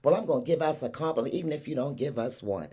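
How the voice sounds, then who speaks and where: A woman's voice: a bass voice, lively intonation, fast talker, dark tone, husky. A woman from Baltimore with a Baltimore accent, hosting a livestream talk show and hyping up her audience in an effusive way. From Baltimore, USA. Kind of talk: hyped livestream show intro.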